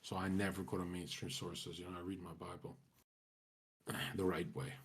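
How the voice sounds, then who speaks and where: Husky-voiced young man, brash slang-heavy ramble. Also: low-pitched, flat delivery, moderate pace. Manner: swaggering, profane, slangy. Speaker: streamer. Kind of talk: casual rambling chat.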